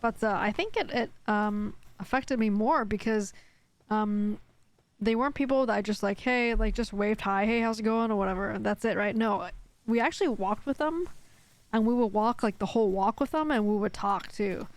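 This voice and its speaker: A woman's voice: mid-range voice, moderate pace, no echo. A woman streaming a game live, chatting casually and rambling with lots of filler words. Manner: reads chat aloud and answers it. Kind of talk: casual live-stream chat while gaming.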